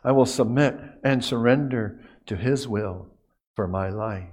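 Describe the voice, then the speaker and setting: This earnest sermon comes from a pastor with a mid-range voice and a slightly slow delivery. He repeats words as he goes, frequently lowering to a hushed tone for key phrases.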